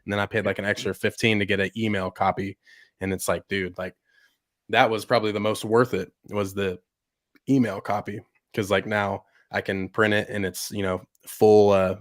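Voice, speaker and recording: Young male podcast host, low-pitched, dry close sound, excitable casual rambler. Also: moderate pace, no room sound. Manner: excitable, heavy use of "like" and "bro". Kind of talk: casual chat.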